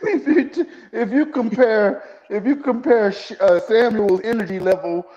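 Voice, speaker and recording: A man's voice: high-pitched, normal speed, mellow, big-room sound. A man on a live online talk show, joining in with teasing, laughing banter. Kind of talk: casual chat. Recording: dull lo-fi audio with faint music.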